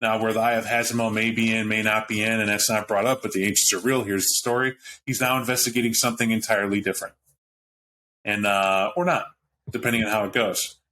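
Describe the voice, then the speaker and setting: A man's voice: lowish voice, little pitch movement, fast talker, pushed and bright, slight background noise. A man on a podcast panel, talking animatedly about a tabletop game with frequent restarts and asides. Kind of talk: casual roundtable chat about a tabletop game.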